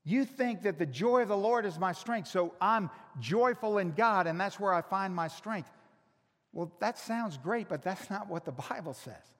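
A male pastor preaching a sermon, teasing his congregation and swinging from loud shouts to hushed, drawn-out emphasis. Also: sits high, animated. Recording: long reverb of a large hall.

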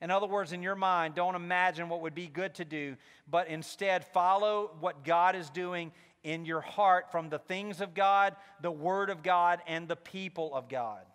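A male pastor delivers a sermon in a high, bright voice, telling a personal story with candid asides before building to fervent emphasis. His words ring out with a long hall reverb behind them. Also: normal speed, smooth.

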